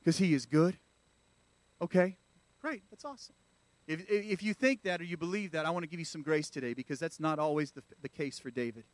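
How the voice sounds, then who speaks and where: A man's voice: fairly high pitch, brisk, no room sound. A man preaching a sermon in a church, calling out to the congregation. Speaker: pastor.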